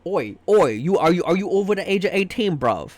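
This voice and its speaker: A man's voice: high voice, big pitch swings, fairly quick, no echo, pitched above the performer's own voice. A man putting on a clumsy British accent to play a pushy British official checking IDs, stumbling over his words. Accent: put-on British.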